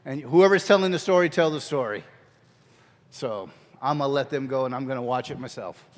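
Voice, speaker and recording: A man's voice: mid-range voice, animated, brisk. A man teaching a skit class in a church hall, talking casually, joking, and often restarting sentences. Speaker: drama teacher. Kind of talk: casual workshop instruction. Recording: long reverb of a large hall.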